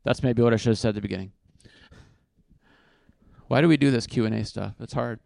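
A man's voice: medium pitch, fairly quick, vocal fry, darkish tone, dry recording. A man speaking at a conference and answering audience questions off the cuff, thinking aloud in a casual, self-deprecating way.

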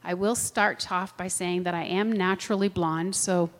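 A middle-aged woman teaching a class, lively and chatty, often checking that her listeners follow. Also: fairly low pitch, normal speed. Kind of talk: classroom lecture with personal anecdotes. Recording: long hall reverb.

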